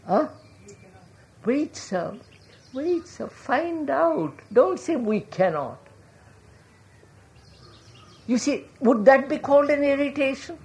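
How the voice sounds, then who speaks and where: A woman speaks to an audience in a reflective public talk. Her voice moves a lot in pitch as she presses questions. She keeps checking that listeners follow and calls them sir. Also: animated, slow pace, pauses often, darkish tone.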